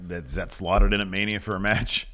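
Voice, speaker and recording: A man's voice: low-pitched, fairly even intonation, fairly quick, sharp tone. A man co-hosting a podcast, casually chatting through a wrestling recap, laughing often and drifting into banter. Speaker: podcast co-host.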